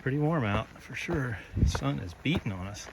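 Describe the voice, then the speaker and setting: A man's voice: mid-range voice, animated, moderate pace, very noisy. A man hiking a trail, giving laid-back, matter-of-fact updates on the distance left. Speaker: hiker. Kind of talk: casual trail vlog updates.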